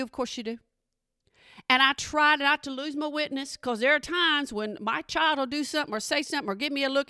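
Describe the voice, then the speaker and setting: Casting: middle-aged woman, playful chat host, bright and fairly high, dry close sound. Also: dry recording. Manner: chatty, playful, asks the audience questions. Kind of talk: casual comedic talk to an audience.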